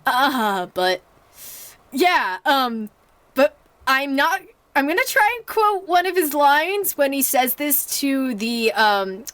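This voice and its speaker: A woman's voice: high voice, sing-song, slow, a bit bright, dry recording. Chatty young woman rambling through a review. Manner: chatty and rambling, many fillers and restarts, acts out reactions. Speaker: movie reviewer. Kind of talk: casual spoken movie review.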